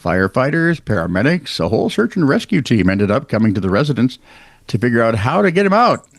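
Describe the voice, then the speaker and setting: A man co-hosting a podcast, reading out odd news stories in a wry, animated storytelling way with casual asides. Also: mid-range voice, fast talker, no echo. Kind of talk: casual comedic news chat.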